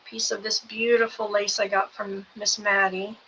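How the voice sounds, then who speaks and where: A woman hosting a live selling show, going through each craft kit item by item in an unhurried way. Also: mid-range voice, level tone, sharp tone, rough recording. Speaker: host selling craft kits. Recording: background noise with clicks.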